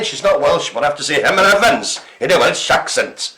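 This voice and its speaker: A man's voice: mid-range voice, animated, moderate pace, crowd noise. A man co-hosting a live broadcast, telling jokey stories in casual chat with plenty of fillers. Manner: chatty, jokey storytelling with fillers. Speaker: co-host of a live care-centre broadcast.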